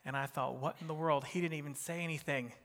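A middle-aged man with a New Jersey accent preaching a sermon, swinging between emphatic rising bursts and soft, quiet drops. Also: fairly high pitch, steady tone, fast talker, big-room sound. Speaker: pastor.

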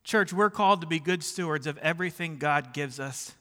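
A middle-aged pastor delivers a sermon full of personal stories in a church sanctuary, his fairly high, bright, forceful voice carrying through the large hall at a fairly quick pace. He's chatty and self-deprecating, repeatedly checking in with the congregation.

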